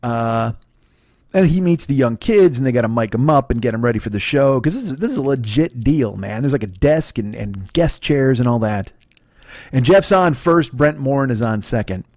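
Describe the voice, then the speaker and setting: A man's voice: mid-range voice, expressive, normal speed, a little mellow, dry recording, studio quality. A middle-aged man hosting a podcast, telling a rambling, profane, self-deprecating story with many restarts. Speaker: podcast host. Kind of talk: casual storytelling monologue.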